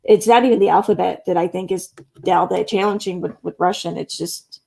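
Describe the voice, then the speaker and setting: Gravelly, husky woman chatting on a livestream. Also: lowish voice, fairly even intonation, fairly quick, dark tone. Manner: rambling, reads chat aloud, casual swearing. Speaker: livestream host. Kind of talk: casual livestream chat.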